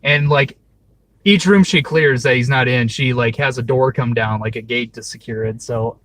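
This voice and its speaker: A man co-hosting a casual movie review, laid-back, chuckling and adding quick side remarks. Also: medium pitch, a bit bright, rough recording. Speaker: co-host.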